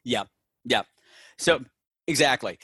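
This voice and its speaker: A man hosting a casual movie review chat, animated, jokey and profane. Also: medium pitch, slow, slightly rough, dry recording. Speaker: podcast host.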